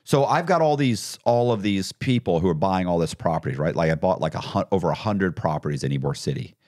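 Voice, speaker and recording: A man's voice: deep voice, a little fast. A man talking as a podcast guest, telling his story casually and acting out what other people said. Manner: animated, acts out others' lines in quotes. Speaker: podcast guest, former con artist.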